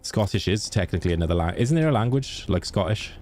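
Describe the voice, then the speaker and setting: A man's voice: on the low side, expressive, fast talker, a little mellow, a little hiss or hum. A man with a Welsh accent, a game streamer chatting casually and jokingly with his viewers. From Wales. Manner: chatty, joking, laughs easily. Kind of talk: casual chat with viewers while gaming.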